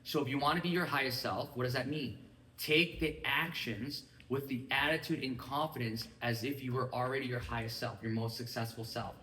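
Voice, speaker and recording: A man delivers a lively motivational training talk to a group of listeners and keeps asking whether they follow him. His voice sits at an ordinary male pitch. It is picked up from some distance in an echoey room with faint ambience behind it. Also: brisk, slight background noise. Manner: energetic, keeps checking in with listeners. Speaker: business mindset trainer.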